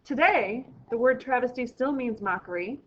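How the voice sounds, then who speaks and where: Higher-voiced woman teaching a vocabulary lesson. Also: normal speed, lo-fi sound. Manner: clear, explaining to students step by step. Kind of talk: recorded classroom vocabulary lesson.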